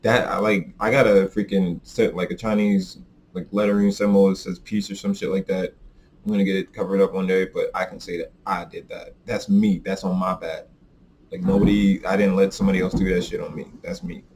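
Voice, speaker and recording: Profane, animated man telling a story. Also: fairly quick, a little hiss or hum. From American South. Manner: animated, profane, swings into high exaggerated quoted voices. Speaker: podcast host. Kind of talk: casual storytelling rant.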